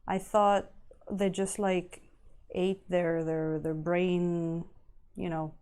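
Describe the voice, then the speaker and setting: A woman paints a miniature live and chats with her viewers as she works. She talks at a slow, unhurried pace in a mellow, warm voice, rambling from thought to thought and laughing often. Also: on the low side, level tone, smooth. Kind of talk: casual live-stream chat while painting.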